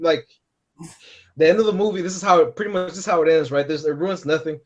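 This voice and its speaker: Guy ranting on a podcast, cusses a lot, voice a bit high, muffled lo-fi audio. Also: brisk. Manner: profane, rambling, acts out quotes. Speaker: podcast co-host. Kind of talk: casual chat.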